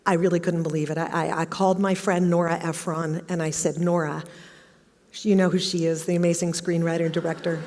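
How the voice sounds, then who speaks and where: A woman's voice: on the low side, level tone, fast talker, hardly any pauses, a little mellow. Storytelling woman in an echoing hall. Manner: storytelling, acts out quoted questions. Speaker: speaker giving a talk. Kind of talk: motivational stage talk. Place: large auditorium. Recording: long hall reverb.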